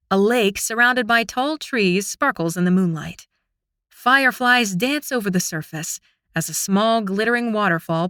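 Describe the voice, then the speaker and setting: Female audiobook narrator, expressive and close-miked, dry sound. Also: mid-range voice, no echo. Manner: expressive, intimate storytelling. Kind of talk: first-person fantasy audiobook narration.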